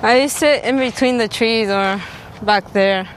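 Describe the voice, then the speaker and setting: A woman's voice: on the high side, a little slow, low-quality recording. A young woman talking hesitantly outdoors in a lakeside park. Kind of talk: casual talk recorded outdoors. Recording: outdoor field recording with traffic noise.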